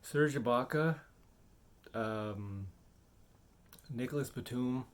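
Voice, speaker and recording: A man's voice: medium pitch, slow. A man giving casual basketball commentary for his channel, rambling with many fillers. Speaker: sports video creator.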